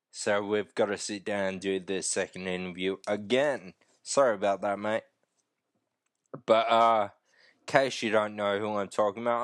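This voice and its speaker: A man hosting a podcast, rambling through an unedited casual monologue with a croaky throat, swearing freely and breaking off mid-thought. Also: on the low side, a bit bright, dry recording, studio quality. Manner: rambling, profane, self-interrupting. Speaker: podcast host.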